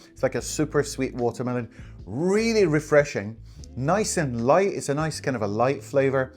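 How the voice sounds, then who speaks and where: A man hosting a casual food taste-test video, talking in an enthusiastic, chatty way with frequent laughs. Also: on the high side. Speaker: food vlogger.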